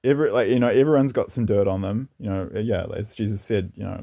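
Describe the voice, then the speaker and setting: Low-voiced man musing earnestly. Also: steady tone, fast, dark tone. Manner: rambling, earnest, with some laughter. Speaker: channel host. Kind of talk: casual opinionated monologue.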